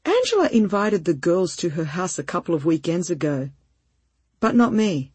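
A woman reading a story and voicing a sensitive young girl who is crying, in a breathy voice. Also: on the low side, very animated, moderate pace, darkish tone, no echo, exaggerated voice. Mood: tearful.

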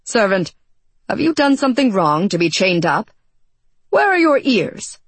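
A woman's voice: medium pitch, big pitch swings, measured pace, breathy edge, no echo, full character voice. A woman voicing a curious, demanding young king who asks probing questions. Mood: eager.

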